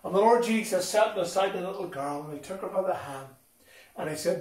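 A man telling a Bible story to children at a school assembly, animated and expressive as he talks to them directly. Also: sits high, fairly quick. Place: school hall. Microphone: distant from the recording mic. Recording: echoey hall from far off.

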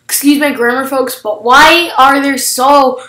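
A woman hosting casual gameplay commentary, excitable, shrieking and gasping at surprises. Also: sits high, a little slow, roomy sound, rough recording. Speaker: gaming channel host.

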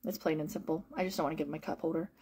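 A woman who works as a home-fragrance consultant, talking casually to viewers in a rambling, animated way with lots of fillers and repeated phrases. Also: sits low, racing, slightly rough. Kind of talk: casual live-stream chat to viewers.

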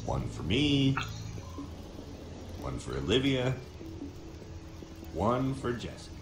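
A man's voice: medium pitch, very animated, drawn-out words. An actor playing a blunt, sarcastic young male adventurer in a video game. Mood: sly. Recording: roomy game audio with music.

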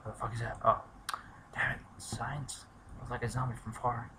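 Mumbling gamer guy with a sharp, bright voice. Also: mid-range voice, level tone, normal speed, slight background noise. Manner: mutters to himself, swears and shouts when in danger. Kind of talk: let's play commentary.

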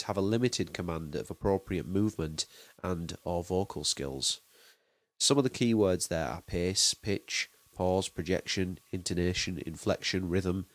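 A man explaining a marking scheme as a drama teacher, measured and listing terms one by one. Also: low-pitched, dry recording. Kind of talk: explanatory lesson.

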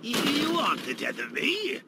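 A man voicing a sneering, mocking male clown villain in a video game, with a gravelly, teasing delivery. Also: extremely high pitch, wildly swooping pitch, unhurried, heavy background noise, full character voice. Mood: taunting.

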